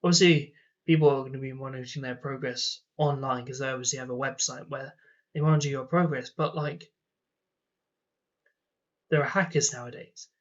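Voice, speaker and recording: A man's voice: mid-range voice, steady tone, moderate pace, long pauses. A young man telling personal stories in a casual vlog, rambling and exasperated with many fillers. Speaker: vlogger. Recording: dull lo-fi sound.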